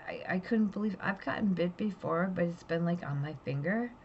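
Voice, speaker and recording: A woman's voice: fairly low pitch, a little fast, highs cut off, a little hiss or hum. Blunt, chatty middle-aged woman vlogger. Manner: chatty, blunt, rambling with restarts. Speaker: pet vlogger. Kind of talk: casual storytelling vlog.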